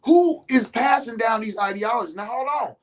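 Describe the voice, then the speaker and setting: A middle-aged man hosting a podcast, giving a profane, preachy monologue to male listeners and jumping between calm talk and shouting. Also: extremely high pitch, moderate pace. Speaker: podcast host.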